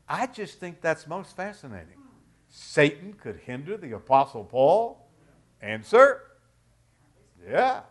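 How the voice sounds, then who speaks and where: A middle-aged man preaching a verse-by-verse sermon, with emphatic swings between loud stresses and quiet drops. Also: fairly high pitch, very animated, slow pace, long pauses. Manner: emphatic, dramatic rises and drops in loudness. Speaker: pastor. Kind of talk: expository sermon.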